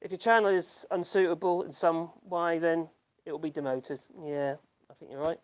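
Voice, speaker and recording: A man from the UK who hosts a YouTube channel streams a casual chat from his rural French home, reading out viewers' comments. He rambles with self-deprecating humor, chuckles frequently and restarts his sentences a lot. His voice is a little high, fairly even, at a moderate pace.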